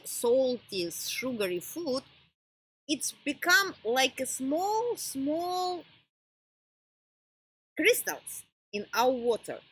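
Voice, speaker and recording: A woman giving an informal wellness lesson in non-native English phrasing, often pausing to search for words. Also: high-pitched, pushed and bright, slightly rough, low-quality recording. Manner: halting, pauses to search for words. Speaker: wellness teacher. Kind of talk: informal teaching talk.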